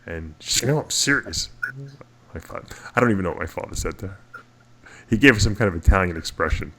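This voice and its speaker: A man's voice: low-pitched, fast, a bit bright. A middle-aged man co-hosting a casual talk show, telling long rambling stories with many restarts. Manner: rambling, restarts often, chuckles through stories. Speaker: podcast co-host. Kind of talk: casual storytelling chat.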